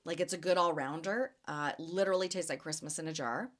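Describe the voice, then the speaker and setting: A young woman hosting a casual market podcast, chatting and telling stories with lots of fillers and animated asides. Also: deep voice, a little fast. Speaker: podcast host and jam vendor. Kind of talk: casual chat.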